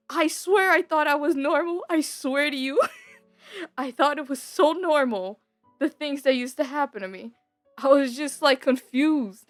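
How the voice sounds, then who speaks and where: High-voiced young woman telling a rambling story. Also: moderate pace, dry recording. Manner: rambling, slangy, full of "like" and "bro". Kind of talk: casual personal storytelling. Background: soft background music.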